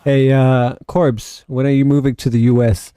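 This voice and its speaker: A man's voice: medium pitch, little pitch movement, normal speed, warm tone, smooth, no echo. A South African man hosting a casual game livestream, rambling and answering his chat. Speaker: livestream host and gamer.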